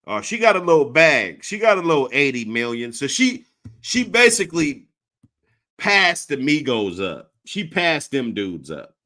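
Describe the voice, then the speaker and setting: A man reacting to a clip in crude, profane commentary. His voice is bright and rides up and down, and he takes his time. His pitch sits a little high. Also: sing-song, measured pace. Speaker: host.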